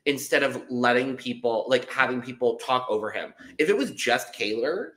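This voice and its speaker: A man's voice: medium pitch, lively intonation, moderate pace, fairly bright tone. A man co-hosting a casual reality-TV recap podcast over a video call. He speaks bluntly and firmly and swears casually. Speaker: podcast co-host.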